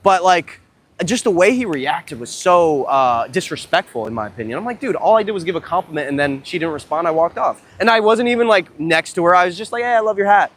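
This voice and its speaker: Excitable, profane young man on a beach. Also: high-pitched, fairly quick. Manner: profane, excitable, rambling storytelling. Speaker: dating coach livestreamer. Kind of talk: casual livestream vlog. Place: outdoors at a beach.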